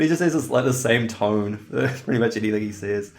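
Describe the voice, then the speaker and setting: A man's voice: lowish voice, fairly even intonation, fairly quick, gravelly, few pauses. A man co-hosting a podcast in casual chat, rambling and laughing often. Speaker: podcast co-host.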